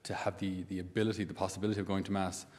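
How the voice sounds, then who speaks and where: A man's voice: deep voice, flat delivery, rapid-fire, darkish tone, big-room sound. A man, a priest giving a conversational sermon full of asides and rhetorical questions.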